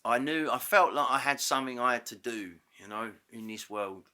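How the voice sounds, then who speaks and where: A man guest on a podcast, telling a story casually and acting out the dialogue with quick self-corrections. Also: medium pitch, pushed and bright. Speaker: interview guest. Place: podcast studio.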